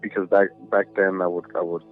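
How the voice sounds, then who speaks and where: A man's voice: sits low, little pitch movement, fairly quick, soft background music. A man telling a ghost story as a podcast guest, rambling and swearing with lots of fillers, over a tinny phone-like line. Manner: rambling, profane, many fillers. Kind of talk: casual storytelling.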